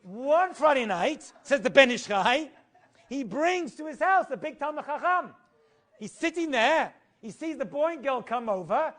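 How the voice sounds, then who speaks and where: A middle-aged male rabbi telling stories in an animated Torah class, singing quoted Hebrew phrases and adding humorous asides. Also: extremely high pitch, measured pace.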